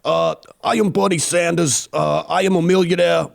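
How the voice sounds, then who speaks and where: A man doing a mocking impression of an old male socialist senator, with a gravelly voice. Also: a little high, steady tone, normal speed. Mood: mock-earnest.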